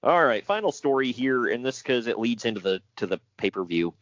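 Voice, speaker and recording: A man talks through old wrestling news in a casual podcast chat. His pitch swings widely, and he slips into sarcasm and laughter. The audio is dry and a little dull, as if from a modest home setup. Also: fairly quick, no echo. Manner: animated, sarcastic, laughs often. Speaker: podcast co-host.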